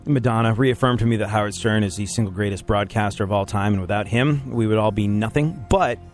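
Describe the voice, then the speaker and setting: A man's voice: fairly low pitch, a little fast, faint music behind. A man hosting a radio show, rambling through jokes and laughing often. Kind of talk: casual banter on a radio show.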